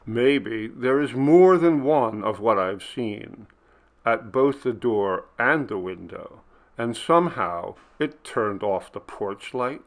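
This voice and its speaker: A man narrates a ghost story at an unhurried, drawn-out pace. His voice has a gravelly, creaky edge, and his delivery is tense and dramatic, sinking into near-whispered quiet at the scariest moments. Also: mid-range voice, lively intonation. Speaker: audiobook reader.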